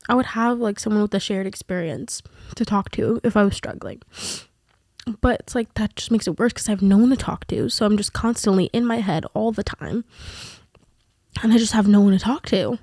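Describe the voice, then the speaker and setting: A woman's voice: medium pitch, darkish tone, no room sound, studio quality. Candid young woman rambling emotionally. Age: young adult. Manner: candid, rambling, filler-heavy. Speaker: vlogger. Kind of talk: confessional vlog.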